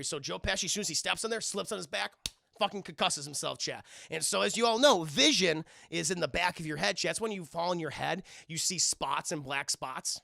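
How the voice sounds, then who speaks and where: A man streamer recapping a film casually, profane and excitable, and constantly talking to his chat. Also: on the high side, vocal fry, dry recording.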